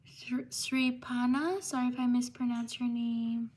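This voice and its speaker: A woman hosting a livestream, reading viewer names in a slow, repetitive way. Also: a little high. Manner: slow, flat, repetitive listing with pauses. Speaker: livestream host. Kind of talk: reading out viewer shout-outs.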